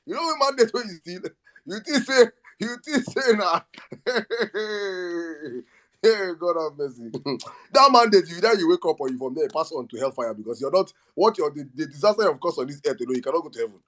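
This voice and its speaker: A man's voice: high-pitched, animated, fairly quick. A Nigerian man hosting a live audio talk space, giving a fiery, mocking political speech with bits of pidgin.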